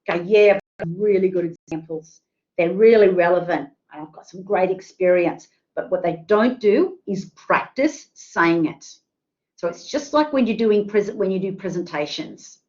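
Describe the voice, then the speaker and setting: Woman presenting on a muffled video call. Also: medium pitch. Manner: chatty, asks the audience questions, many fillers. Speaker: careers workshop presenter. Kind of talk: online workshop talk.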